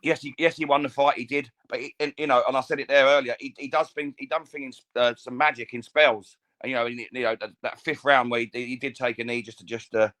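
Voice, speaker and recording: A man's voice: medium pitch, fairly even intonation, fast talker, few pauses, a bit bright. A man co-hosting a casual boxing podcast, chatty, often stammering and restarting his sentences. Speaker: podcast co-host.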